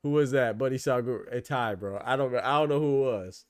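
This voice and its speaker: A man's voice: mid-range voice, brisk, smooth, no echo, clean studio sound. Slangy male boxing podcast host. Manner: loose slangy talk, laughs hard at jokes. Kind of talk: casual live commentary.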